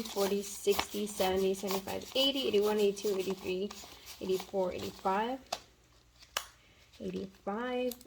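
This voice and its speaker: Casting: young woman, gravelly fry, chatty cash-counting vlogger, faint hiss behind. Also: mid-range voice. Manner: chatty, counts bills aloud, filler-heavy. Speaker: budgeting vlogger. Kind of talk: casual chat while counting cash.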